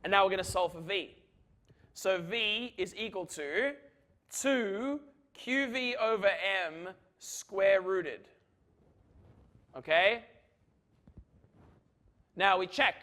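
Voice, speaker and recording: A man's voice: high voice, animated, slow, long pauses, pushed and bright. A man giving a university physics lecture, chatty and joking, checking in with "right?" as he works through equations. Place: lecture hall.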